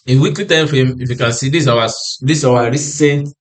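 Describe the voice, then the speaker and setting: A man's voice: mid-range voice, brisk. Tired man walking through trading charts. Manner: repetitive, restarts phrases, asks himself "what?" then answers. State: tired and yawning. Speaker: forex trading analyst. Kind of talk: screen-share chart walkthrough.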